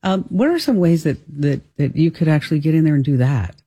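A man with a New Jersey accent hosting a talk show, chatty and quick to laugh, often restarting his sentences. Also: on the high side, very animated, warm tone, husky, no room sound. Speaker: radio show host. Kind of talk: casual talk show chat.

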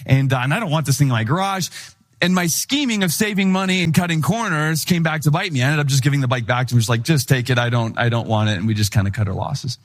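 A young man from Wisconsin preaching a sermon, telling a personal story with lively acted-out voices. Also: medium pitch, fast. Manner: animated storyteller, acts out voices in anecdotes. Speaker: pastor.

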